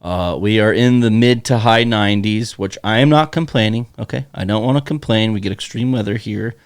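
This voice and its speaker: Male podcast co-host, low register, dry teasing banter, dead-dry sound. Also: fairly quick, smooth, no room sound. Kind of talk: casual chat. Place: Bismarck, North Dakota.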